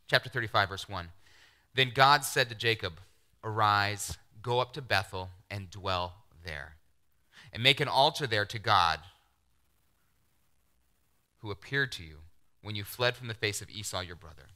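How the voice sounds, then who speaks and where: Middle-aged pastor guy preaching, super bright tense voice, acts out the quotes, goes real quiet sometimes. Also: medium pitch, measured pace, long pauses. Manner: animated, acts out quoted voices, drops to near-whispers. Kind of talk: sermon.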